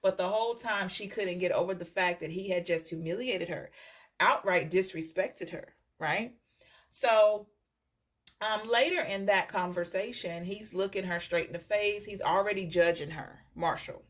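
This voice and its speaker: A woman's voice: mid-range voice, moderate pace. A woman tarot reader telling a story to her viewers in a chatty way, often checking in with "okay?" and repeating phrases.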